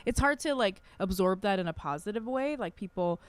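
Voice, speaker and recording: A woman's voice: mid-range voice, expressive, a little fast, clean tone, dry recording. Rambling, foul-mouthed woman podcast host. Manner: rambling, heavy swearing, constant "like". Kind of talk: casual chat.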